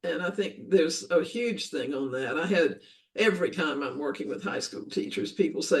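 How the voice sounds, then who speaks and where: A woman's voice: sits low, animated, normal speed, distant mic, poor audio. An older woman speaking as a guest in an interview, earnest and thoughtful, often restating her ideas in long lists. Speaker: guest, education author. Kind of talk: reflective interview conversation.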